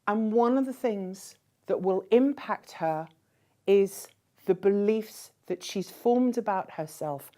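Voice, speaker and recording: Slow, measured woman giving a keynote. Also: mid-range voice, mellow. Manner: measured, posing rhetorical questions. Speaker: keynote speaker. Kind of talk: conference keynote speech.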